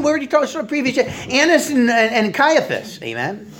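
A woman's voice: fairly high pitch, very animated, a little fast, a bit bright, slight background noise. A woman preaching an informal Bible teaching, rambling with many fillers and restarts.

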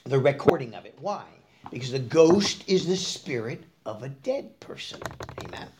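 A male preacher delivers a conversational sermon, quizzing his listeners and answering himself. His voice is animated, rising high for emphasis and sinking to near-murmurs. Faint background noise sits under the recording. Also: moderate pace.

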